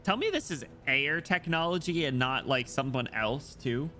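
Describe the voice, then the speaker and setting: A male streamer reading a game's story aloud in a mid-pitched voice and interrupting himself with excitable, profane reactions. Faint game music runs under him. His delivery swings between steady reading and jokey outbursts. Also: moderate pace.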